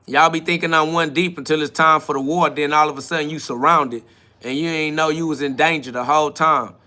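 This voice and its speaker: Bright-voiced guy on a live stream, cussing out commenters, pretty high-pitched. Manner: confrontational, profane, mocking commenters. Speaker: livestream podcast host.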